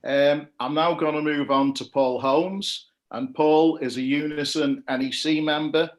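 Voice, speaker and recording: A man's voice: fairly high pitch, steady tone, a little slow. A man chairing an online meeting, introducing speakers in a friendly, informal way.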